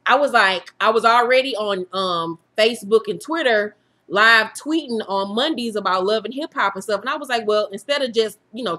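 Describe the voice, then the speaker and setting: A woman in her thirties with a bright, forceful voice, speaking straight to her viewers as a YouTube host. She talks frankly and swears freely, and she laughs through the hard parts of her story. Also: mid-range voice. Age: 30s. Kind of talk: candid personal storytelling to viewers.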